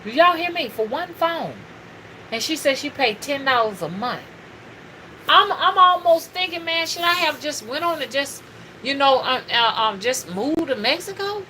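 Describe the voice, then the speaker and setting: Middle-aged woman, bright forceful voice, preachy livestream host with faint room noise. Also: high voice, normal speed, poor audio. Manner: animated, preachy, addresses viewers as y'all. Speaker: spiritual reader and livestream host. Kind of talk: casual livestream talk.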